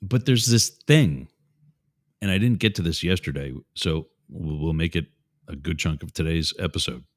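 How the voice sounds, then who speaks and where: Deep-voiced man hosting political talk. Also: normal speed. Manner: rambling, digressive, with asides to listeners. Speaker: show host. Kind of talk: opinionated political commentary.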